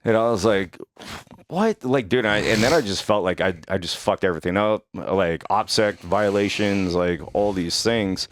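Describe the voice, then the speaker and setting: Deep-voiced man telling a wild story. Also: normal speed, hardly any pauses, a little hiss or hum. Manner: profane, animated storytelling. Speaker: podcast host. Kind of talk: casual storytelling.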